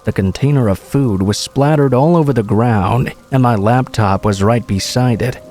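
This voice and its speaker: A man reading true horror stories aloud as scripted narration, in a steady, measured way. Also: medium pitch, faint music behind.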